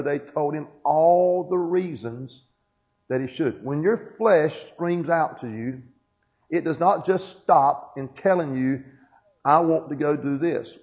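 A man's voice: on the high side, a little mellow. A male pastor giving a sermon to his congregation, often asking "Amen?" and reading aloud from a book. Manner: preaching with frequent "Amen?" check-ins. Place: church. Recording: dull lo-fi sermon recording.

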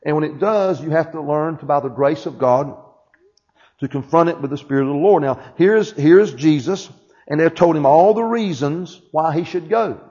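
Preaching in church with repeated "Amen?" check-ins, a male pastor reads aloud from a book to those gathered. He has a darkish tone on the high side and keeps a moderate pace, heard through a dull, lo-fi recording.

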